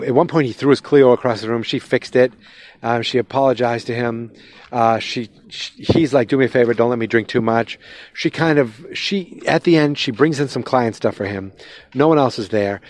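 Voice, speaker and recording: A man hosting a podcast, recapping a TV episode in a loose, rambling way and acting out quick quotes, recorded on a phone outdoors at night. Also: mid-range voice, a little mellow. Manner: rambling, retells scenes with quick quoted voices. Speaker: podcast host. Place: outdoors at night, fireworks nearby.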